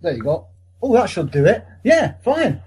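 Husky, lively man bantering. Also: high-pitched, moderate pace. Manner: sweary, boisterous banter. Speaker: podcast guest. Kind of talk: casual chat.

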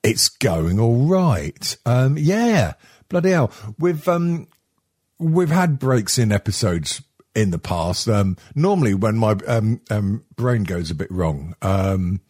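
A man's voice: fairly low pitch, very animated, takes it slowly, a little mellow, breathy edge. A middle-aged man hosting a podcast in a rambling, sweary, casual way, full of ums and restarts. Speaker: podcast host.

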